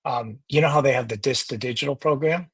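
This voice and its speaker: Easygoing Canadian man, husky voice. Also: medium pitch, quick pace, a bit bright, no room sound. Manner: easygoing, agreeable, many "yeah"s. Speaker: guest caller. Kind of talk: casual chat.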